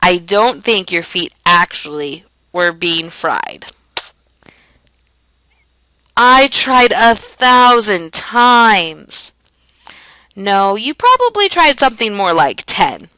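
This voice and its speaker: A woman teacher explaining a lesson in a clear, emphatic way, asking and answering her own questions. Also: fairly low pitch, very animated, moderate pace, hardly any pauses, bright, forceful tone, dry recording, low-quality recording. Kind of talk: classroom lesson narration.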